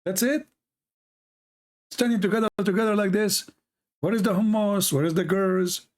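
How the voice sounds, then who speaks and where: A man's voice: high-pitched, steady tone, moderate pace. A man hosting an online show, speaking in casual, mocking commentary. He rambles with restarts and grammar slips, laughing at his own jokes. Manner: rambling with frequent restarts and fillers; non-native English with grammar slips.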